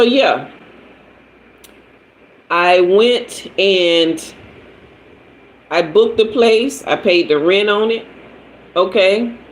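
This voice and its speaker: A man's voice: sits high, poor audio. A man hosting a livestream, telling a personal story and answering viewers by name. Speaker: livestream host, tarot reader.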